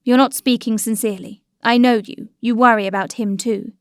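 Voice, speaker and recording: A woman reading the lines of a resolute young male officer in a quiet, persuasive tone. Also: fairly high pitch, steady tone, fairly quick, clear, resonant tone, dry recording, clean studio sound, lightly acted. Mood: earnest. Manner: quiet, earnest pleading.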